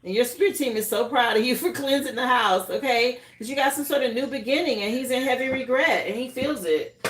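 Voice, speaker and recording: A woman's voice: fairly high pitch, fairly quick, roomy sound. A woman who grew up in Miami, doing a live tarot reading in a casual, drawling way, often asking "okay?". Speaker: tarot reader.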